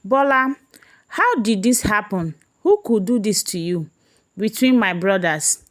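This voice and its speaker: A woman voicing a calm, gentle young man who questions softly. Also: medium pitch, unhurried, natural voice.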